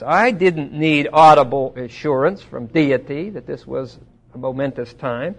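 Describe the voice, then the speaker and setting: A man teaching a Bible study in a conversational way, asking his listeners questions and getting louder when he quotes scripture. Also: a little high, normal speed. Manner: asks the audience questions.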